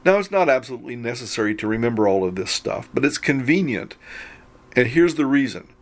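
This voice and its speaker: Measured man teaching Greek grammar. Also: mid-range voice, expressive. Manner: measured, explanatory, slows to spell out syllables. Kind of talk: recorded grammar lecture.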